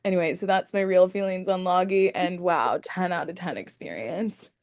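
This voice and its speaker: A woman's voice: lowish voice, normal speed, darkish tone. A young woman co-hosting a podcast, chatting casually and laughing through her words. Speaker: podcast co-host. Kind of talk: casual recap chat.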